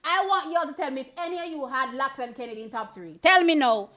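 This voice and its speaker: Excitable Jamaican woman reacting to races. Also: sits high, fast talker, highs cut off. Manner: excitable, laughing, exclamatory, with chatty asides to viewers. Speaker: track and field stream host. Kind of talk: animated live reaction commentary.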